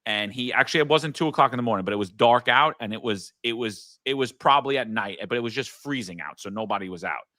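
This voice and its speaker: A man's voice: mid-range voice, fast, hardly any pauses, sharp tone, no echo. A man, a former police sergeant co-hosting a podcast, telling blunt, profane stories in casual political talk. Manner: blunt, profane, emphatic storyteller. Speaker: podcast co-host.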